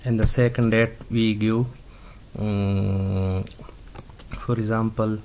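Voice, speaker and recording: Slow, halting man teaching a coding lesson. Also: lowish voice, flat delivery, darkish tone, slight background noise. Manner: halting, many fillers and restarts. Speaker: instructor. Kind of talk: screen-recorded coding tutorial.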